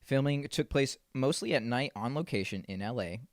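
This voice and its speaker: A man's voice: mid-range voice, animated, moderate pace, dry recording, studio quality. A man co-hosting a podcast, chatting casually about movies, swearing freely, joking around and stumbling over his words. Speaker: podcast co-host. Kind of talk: casual film chat.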